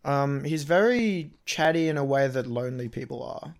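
A man's voice: medium pitch, expressive, normal speed, gravelly. A man, co-hosting a casual podcast and telling a long story in a chatty way, often acting out what others said. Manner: chatty storytelling, quotes people in reported speech. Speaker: podcast co-host. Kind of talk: casual chat.

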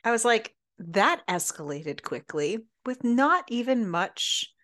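A woman's voice: on the high side, very animated, slow, fairly bright tone. Wry woman podcast co-host. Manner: wry, teasing interjections. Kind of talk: casual book club chat. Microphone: podcast mic.

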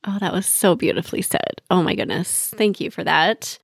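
A woman's voice: fairly low pitch, normal speed, creaky, breathy edge, no room sound, clean studio sound. A woman hosting a podcast, chatty and effusive, with frequent filler words. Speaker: podcast host. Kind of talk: podcast interview.

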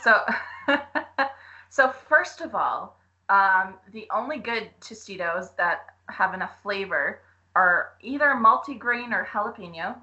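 A woman's voice: medium pitch, expressive, a little slow, bright, forceful tone, highs cut off. A young woman co-hosting a podcast, giggling as she gives playful cooking instructions. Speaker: podcast co-host. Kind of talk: casual chat.

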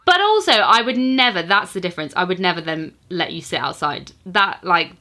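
A woman's voice: lowish voice, animated, fairly quick, sharp tone. Giggly woman reading a story aloud. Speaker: podcast co-host. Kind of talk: casual chat and reading a listener's story aloud.

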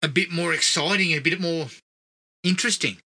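A man's voice: on the high side, brisk, pushed and bright. A man co-hosting a casual film review podcast, swearing and laughing often.

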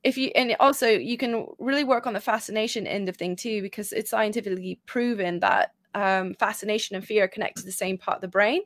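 A woman speaking as a guest therapist in a casual podcast chat, encouraging and quick to laugh as she explains fear. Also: mid-range voice, no echo.

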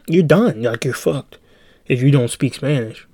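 A young man hosts a solo podcast, delivering a casual monologue in which he tells a heated story in a rambling, profane way. His medium-pitched voice is a little mellow and a little slow but very animated, with no echo.

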